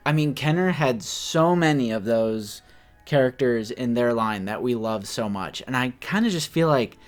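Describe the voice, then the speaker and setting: A man in his late twenties co-hosting a casual collector podcast, talking in an animated, joking way. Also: medium pitch, normal speed, faint music behind. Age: 20s. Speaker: podcast co-host. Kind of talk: casual chat.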